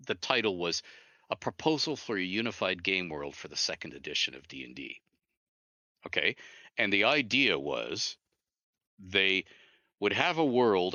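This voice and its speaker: Animated, bright-toned male storyteller. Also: lowish voice, no room sound. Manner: animated storyteller who acts out dialogue. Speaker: guest, author and game designer. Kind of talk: interview storytelling.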